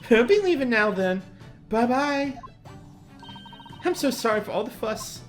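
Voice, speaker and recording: A cheerful young British girl inventor, as a woman puts her on chirps with a raised, sing-song voice and a prim, scolding manner. Her pitch leaps up and down widely, and faint music plays behind her. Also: big pitch swings, a little slow. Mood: bubbly prim.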